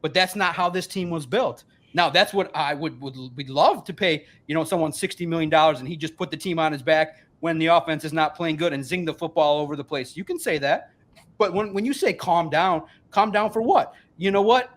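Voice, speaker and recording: A man in his forties with a high-set voice holds forth in a casual sports podcast chat. He is emphatic, rambling and heavily profane, sounding a little tipsy from a couple of beers. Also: a little fast, a bit bright. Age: 40s. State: a bit tipsy from beer.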